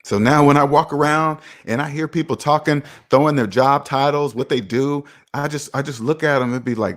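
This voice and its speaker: A man's voice: on the high side, a little fast, few pauses. Emphatic man preaching to his viewers. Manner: emphatic, repeats himself for effect; preachy, talks straight to viewers. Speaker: personal finance vlogger. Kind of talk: casual motivational monologue.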